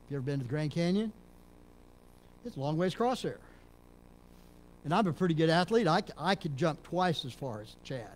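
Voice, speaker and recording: A middle-aged man from Texas, a pastor preaching a sermon in a church, dropping to low murmurs and rising to loud emphatic peaks. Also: lively intonation, brisk, long pauses. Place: church sanctuary.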